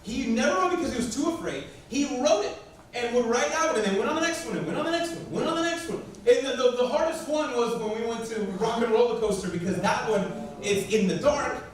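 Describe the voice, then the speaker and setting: A man with a strikingly high voice tells a sermon story in a loose, lively way, often breaking into laughter. He sounds distant from the mic. His voice rings around a very echoey hall. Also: fast talker, slight background noise. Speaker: pastor. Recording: very echoey church hall from far off.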